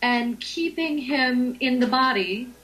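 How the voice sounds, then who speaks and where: Slow-talking woman, unhurried and thoughtful. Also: sits high, a bit bright, low-quality recording. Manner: slow, unhurried, many ums. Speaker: guest, Reiki teacher. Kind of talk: casual interview chat.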